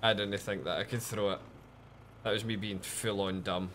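A man giving casual, lively commentary while streaming a game, chatting with viewers and swearing often. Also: lowish voice, normal speed, slight background noise.

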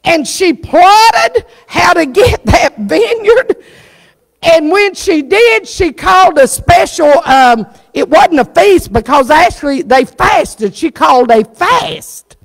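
A woman's voice: extremely high pitch, lively intonation, slow pace, gravelly. A woman pastor preaching a sermon, telling the story with fervour. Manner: fervent storytelling preacher who acts out the story's characters. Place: church. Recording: reverberant church sanctuary.

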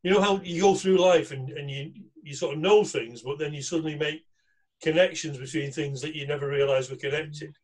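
A man's voice: fairly high pitch, fairly even intonation, fairly quick. A middle-aged man hosting a casual online session, talking in a rambling, hesitant way with many fillers and restarts. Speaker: session host. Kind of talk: casual chat on a video call.

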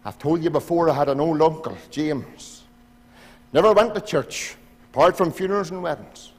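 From the pulpit of a church sanctuary, a Northern Irish pastor preaches at a moderate pace in a slightly high voice, pleading with his congregation. He alternates between loud appeals and hushed asides, and long reverb from the hall trails each phrase.

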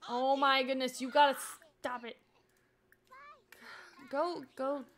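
A young woman chatting through her gameplay on a live stream, excitable and gushing, often talking to the game characters. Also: sits high, slow pace, a little hiss or hum.

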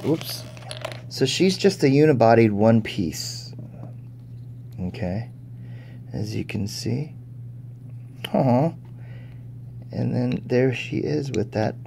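Male toy reviewer, unhurried and soft-toned, casual and chatty. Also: medium pitch, vocal fry, slight background noise. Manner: chatty, thinking aloud, easily impressed. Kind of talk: casual unboxing commentary.

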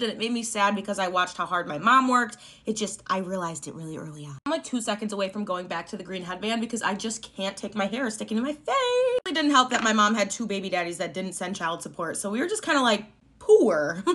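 Young woman, chatty storytime vlogger, higher bright voice, swears for emphasis. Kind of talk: casual storytime vlog.

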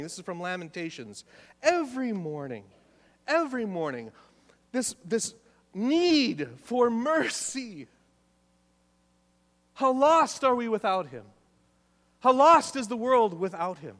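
A man's voice: sits high, sing-song, a little slow, long pauses, fairly bright tone. A man preaching a sermon as pastor in a church, emphatic, repeating key phrases and putting questions to the congregation. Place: church sanctuary. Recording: long church reverb.

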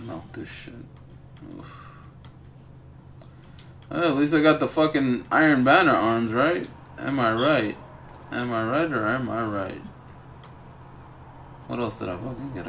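A man's voice: mid-range voice, a little slow, creaky, pauses often, background noise. A young man streaming a game, ranting and swearing about the loot he gets. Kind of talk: live gaming commentary.

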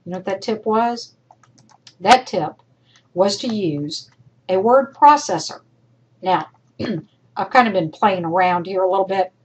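A woman instructor talking her students through feedback on a recorded lecture, her voice worn and getting hoarse. She speaks emphatically and encouragingly, at an ordinary pitch, addressing the class directly. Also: unhurried, long pauses, highs cut off, slight background noise. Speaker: college instructor.

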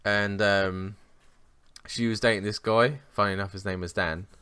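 A man's voice: lowish voice, fairly even intonation, moderate pace, pushed and bright, clear, resonant tone, no echo. A young man, co-hosting a podcast and telling rambling, sweary, self-mocking stories in casual chat. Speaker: podcast co-host.

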